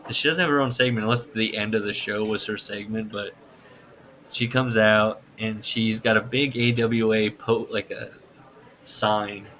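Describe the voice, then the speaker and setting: Male podcast co-host, low-pitched, punchy tone, animated casual storyteller, slightly muffled recording. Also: normal speed, a little hiss or hum. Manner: animated storyteller who laughs at his own retelling. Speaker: podcast co-host recapping wrestling shows. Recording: dull, slightly lo-fi podcast audio.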